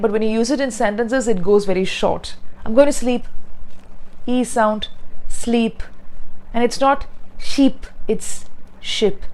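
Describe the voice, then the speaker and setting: A woman teaching pronunciation, speaking slowly and deliberately and repeating words to demonstrate sounds. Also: a little high, darkish tone, poor audio. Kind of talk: pronunciation lesson.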